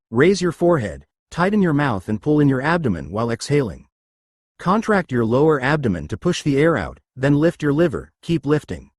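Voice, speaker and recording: A man's voice: medium pitch, slightly rough, dry recording, studio quality. A man leading exercise and breathing drills, giving step-by-step commands and coaching his listeners through each movement. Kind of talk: guided exercise instruction.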